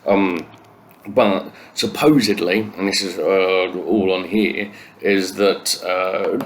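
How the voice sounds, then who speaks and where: Man, low gravelly voice, sweary sardonic news rant, comedian. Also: a bit bright, a little hiss or hum. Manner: sweary, sardonic ranting with many fillers.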